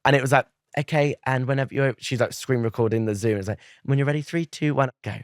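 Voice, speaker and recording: A man's voice: mid-range voice, dry recording, studio quality. A young man and drama school actor telling an anecdote in a chatty way, acting out what other people said. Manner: chatty, quick storyteller who acts out other people's lines. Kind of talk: casual interview anecdote.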